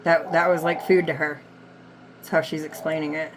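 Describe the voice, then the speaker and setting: A woman's voice: low voice, little pitch movement, moderate pace, a crowd in the background. A woman working as a medium, passing on messages from the dead during a reading, with a lot of hedging and "like". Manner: relays messages, hedging with many likes. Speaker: psychic medium. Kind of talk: spirit reading session.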